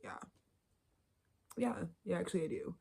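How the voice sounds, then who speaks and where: A woman's voice: on the low side, normal speed, gravelly, dark tone, breathy edge, rough recording. A woman giving a casual tarot reading, blunt and profane, rambling and sometimes dropping into a whisper. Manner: drops into whispers. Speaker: tarot reader.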